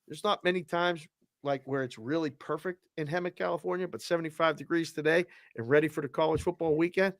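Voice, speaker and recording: A male host on a live show, cheerfully reading out viewer shout-outs with names and area codes. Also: on the high side, fairly even intonation, quick pace, no room sound, clean studio sound.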